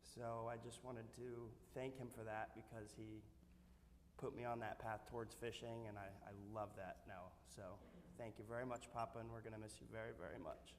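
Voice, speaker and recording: A young man speaks earnestly at a memorial, with a halting delivery and "uh" fillers. His voice carries a long hall reverb and faint background hiss. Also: lowish voice, flat delivery. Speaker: grandchild giving a eulogy. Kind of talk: memorial speech. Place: temple sanctuary.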